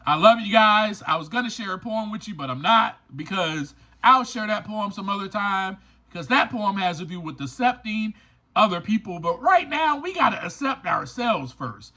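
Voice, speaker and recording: High, bright-voiced man preaching self-acceptance. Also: expressive, moderate pace. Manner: emphatic, preachy, repeats lines for stress; speaks straight to listeners, informal. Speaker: podcast host. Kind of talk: motivational recovery podcast monologue.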